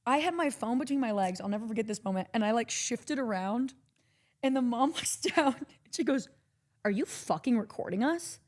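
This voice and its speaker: Woman in her twenties, fairly high voice, profane and animated, telling a wild story on stream. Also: fairly quick. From Texas. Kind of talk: story time chat.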